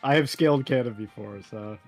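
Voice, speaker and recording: A young man with a mid-pitched voice who talks quickly, recounting game highlights in an excited rush and swearing casually. Faint music sits underneath. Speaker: tabletop game player. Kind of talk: casual post-game chat.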